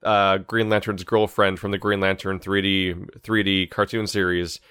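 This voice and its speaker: A man's voice: deep voice, little pitch movement, normal speed, a bit bright, smooth, dry recording, studio quality. A young man talking casually on a podcast, often stumbling and restarting his sentences.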